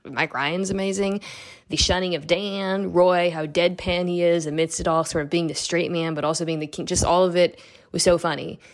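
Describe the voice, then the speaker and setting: A woman's voice: on the low side, fairly even intonation, moderate pace. A woman and radio show regular giving a chatty, self-deprecating tribute. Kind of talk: casual heartfelt tribute.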